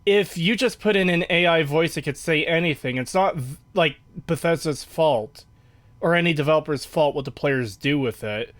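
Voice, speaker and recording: Podcast co-host, man, slightly high voice, argues in long rambling takes. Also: moderate pace, fairly bright tone. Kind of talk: casual podcast chat.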